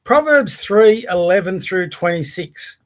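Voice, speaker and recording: Australian male host, rambling and chatty, fairly high pitch, casual home podcast delivery. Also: lively intonation, a little slow, a bit bright. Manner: rambling, chatty, laughs often, talks to his dog. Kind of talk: casual solo vlog chat. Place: home by the bay.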